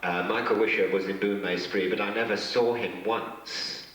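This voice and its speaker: A man, a guest actor at a fan convention, telling rambling, self-mocking anecdotes with many pauses and restarts. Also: fairly low pitch, fairly even intonation, a bit bright, slight background noise. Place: large convention hall with an audience. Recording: echoey hall from far off.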